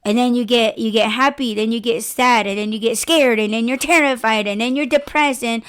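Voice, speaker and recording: A woman's voice: on the high side, steady tone, a little fast, hardly any pauses, a bit bright, clean tone. A woman hosting a podcast, chatting candidly and expressively, swearing freely as she rambles. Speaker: podcast host. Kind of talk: casual podcast chat.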